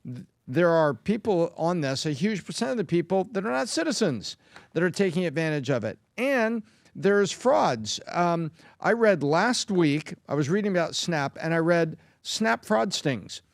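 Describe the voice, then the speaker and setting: Rambling guy arguing on a podcast panel, kinda high voice, dry mic. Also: sing-song, moderate pace, creaky, dry recording. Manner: rambling, argumentative. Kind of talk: casual debate.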